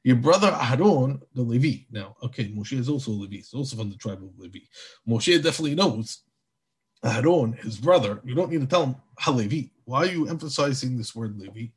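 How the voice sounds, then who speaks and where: A man giving a Torah class in a lively, animated way. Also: mid-range voice, brisk, breathy edge. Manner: animated, acts out biblical dialogue. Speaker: Torah teacher.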